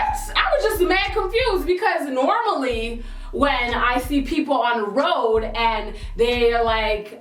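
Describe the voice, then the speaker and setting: A young woman vlogger telling a storytime in a casual, sassy, animated way, acting out what people said. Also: slow pace, reverberant, distant mic, soft background music. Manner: animated, sassy, acts out quotes in high exclaiming bursts. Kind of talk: storytime vlog, casual chat.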